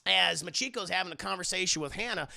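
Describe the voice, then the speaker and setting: A man chatting through a show recap on a live stream, loose and profane, often talking to his viewers. His voice is gravelly and bright, pitched a bit high. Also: fast. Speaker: streamer reviewing an animated show. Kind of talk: casual live-stream commentary.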